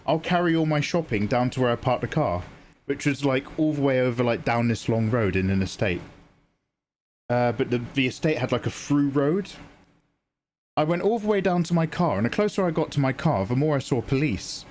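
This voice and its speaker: A British man hosting a relaxed live stream, talking to his chat in a loose, rambling way. His pitch sits right in the middle of the usual range for a man, and he swears casually as he goes. There is a faint hiss of noise behind him. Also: normal speed. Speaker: art streamer.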